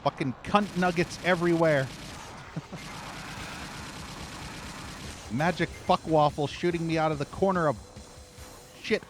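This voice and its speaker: A man's voice: on the high side, normal speed, background noise. Profane, ranting gaming streamer man. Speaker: streamer playing a shooter game. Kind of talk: live gameplay commentary. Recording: game music and gunfire behind.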